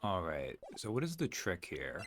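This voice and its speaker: A man's voice: low voice, huge pitch swings, normal speed, a little hiss or hum. A man giving casual, wry commentary while playing through a game. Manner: chatty, wry asides. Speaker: let's-play streamer.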